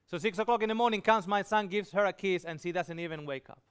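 High, smooth-voiced man preaching testimony. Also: fast. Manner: emotional storytelling, voicing quoted dialogue. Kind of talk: sermon testimony.

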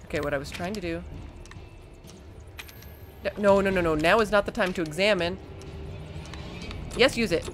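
A young woman narrates her own horror gameplay in a rambling, easily rattled way. She keeps swearing and pleading with what is on screen. Soft music plays low behind her voice. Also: moderate pace, long pauses. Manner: panicky, rambling, swearing, talks to the game. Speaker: gaming streamer. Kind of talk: let's play commentary.

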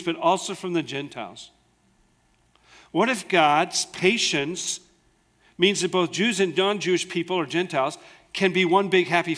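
Man, pastor, sermon, earnest conversational delivery, rhetorical questions, a bit high-pitched. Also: a bit bright. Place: church.

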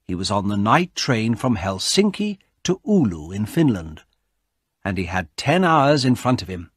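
Slow, husky male storyteller. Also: lowish voice, dry recording, clean studio sound. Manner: clear, expressive read-aloud. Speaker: narrator. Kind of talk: slow storybook reading for English learners.

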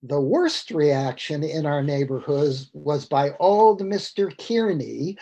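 A man's voice: a little high, expressive, slow pace, dark tone. A man in his sixties giving a lecture over a video call, reading passages aloud from a book with wry asides to his listeners.

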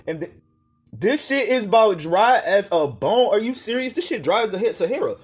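A man tears into clips in a loud, exasperated comedic rant, swearing constantly. His voice sits a little high and has a husky edge. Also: expressive, moderate pace. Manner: loud, exasperated, heavy cursing. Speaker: reaction commentator.

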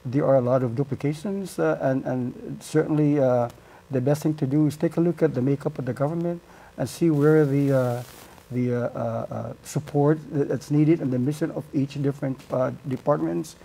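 Gravelly-voiced halting candidate man. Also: mid-range voice, warm tone. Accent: Guam. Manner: halting, many fillers. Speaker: senatorial candidate. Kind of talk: answering panel questions.

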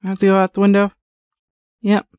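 A woman talks her way through a horror game in a chatty, self-mocking stream of commentary, mid-pitched for a woman. Her voice sits close and dry with almost no room sound around it. Sudden exclamations break into the easy chatter. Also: completely flat delivery, fairly quick, a little mellow, smooth, dry recording. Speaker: gaming channel host. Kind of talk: live gameplay commentary.

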